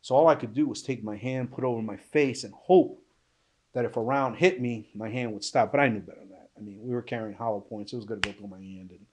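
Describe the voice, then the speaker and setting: Speaking fast at a medium pitch, this middle-aged man, a retired cop, tells an interviewer about an ordeal he lived through. He's blunt and swears freely, acting out what people said with vivid emphasis in an emotional, first-person account.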